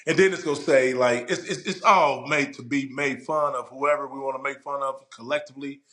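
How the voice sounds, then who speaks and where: A man in his forties, a podcast guest and former player and coach, telling stories in a loud, profane, emphatic way. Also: mid-range voice, a little fast. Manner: animated, profane, emphatic storyteller. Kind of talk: casual podcast chat.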